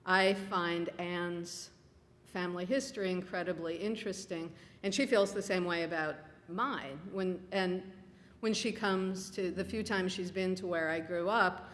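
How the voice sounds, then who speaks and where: Lowish-voiced woman author, wry storyteller. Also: steady tone, measured pace. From Minnesota. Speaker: author guest. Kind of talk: conversational storytelling. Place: public library event room. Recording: reverberant hall.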